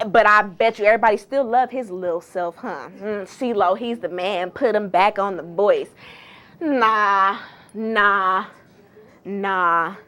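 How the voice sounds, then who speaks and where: A woman's voice: medium pitch, slow pace, sharp tone. A woman hosting a casual gossip vlog, chatty and sassy, with slangy, exclamatory asides. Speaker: entertainment gossip host.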